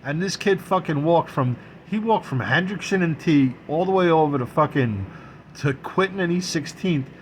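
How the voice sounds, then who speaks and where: A man's voice: fairly high pitch, animated, normal speed, a little hiss or hum. Rambling guy telling a story. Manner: rambling, repeats himself, swears freely, laughs through the telling. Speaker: vlogger. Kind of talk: casual storytelling. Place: dining room at home.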